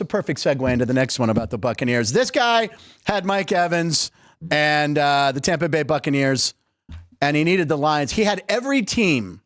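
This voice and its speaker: Animated, chatty male sports host. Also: on the high side, no room sound, clean studio sound. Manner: chatty, jokey, animated storytelling. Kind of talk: casual sports talk.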